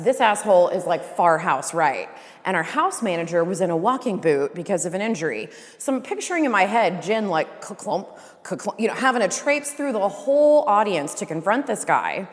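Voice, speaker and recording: A woman who works backstage in a theater tells a casual anecdote in a wry, profane way, acting out her own thoughts. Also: medium pitch. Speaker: theater stage manager. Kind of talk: casual storytelling. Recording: long reverb.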